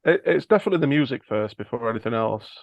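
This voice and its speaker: A man with a gravelly, fry-laden voice at a middle pitch talks loosely and rambles, with dry, sarcastic humor. The sound is dull and dry, with no room around it. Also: expressive, rapid-fire, dry recording. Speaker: band member. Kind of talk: casual interview chat.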